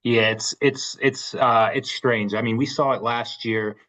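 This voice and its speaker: A man's voice: mid-range voice, steady tone, unhurried, pushed and bright. A man co-hosting a casual sports podcast, thoughtful and hedging, often restarting his sentences. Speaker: podcast co-host. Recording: dull lo-fi sound.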